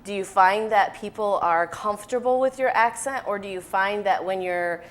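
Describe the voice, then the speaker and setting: A woman's voice: medium pitch, moderate pace. A woman hosting a casual interview, encouraging her guest and affirming often. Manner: encouraging, affirming with frequent mm-hmms. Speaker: interview host.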